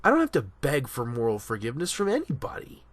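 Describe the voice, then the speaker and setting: A man talking through a casual opinion commentary, animated and emphatic, often restarting his sentences. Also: medium pitch, quick pace, no echo. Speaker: commentary vlogger.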